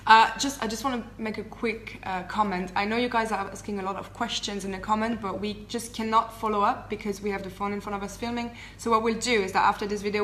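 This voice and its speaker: Chatty woman co-host, bright tone, laughs often, slight background hiss. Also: medium pitch. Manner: chatty, giggly, with many fillers and restarts. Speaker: travel vlogger co-host. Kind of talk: casual live Q&A chat. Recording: faint background noise.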